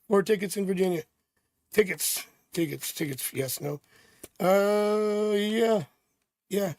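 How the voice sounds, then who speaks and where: A man's voice: sits high, a little slow, pauses often, no echo, studio quality. A middle-aged man from Canada doing a live tarot reading, chatty and rambling with jokey asides. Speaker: tarot reader.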